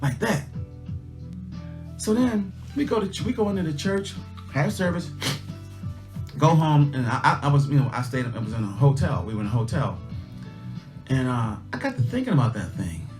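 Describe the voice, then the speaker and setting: This livestream host is a middle-aged man with a mid-range voice, big swings in pitch, and a fairly quick delivery. Folksy and emphatic, he tells a casual story from his own life and keeps repeating its lessons, over faint guitar music.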